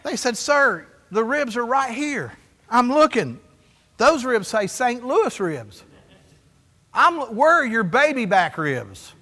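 High, bright preacher in a hall. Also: male voice, takes it slowly. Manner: storytelling, animated, acts out dialogue. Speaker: pastor. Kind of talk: sermon. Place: church sanctuary. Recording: long hall reverb.

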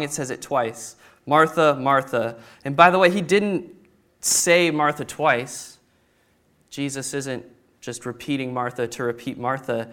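A man preaching a sermon with lots of energy, acting out the story's people with sudden loud bursts. His voice sits a little high and comes across smooth and clear. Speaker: pastor.

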